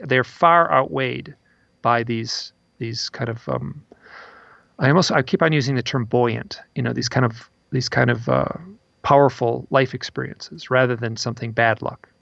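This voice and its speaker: A man's voice: mid-range voice, moderate pace, gravelly, a bit bright, no room sound, lo-fi sound. A man, an author guest in an interview, telling stories in a rambling way with many restarts and repeated words. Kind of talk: interview storytelling.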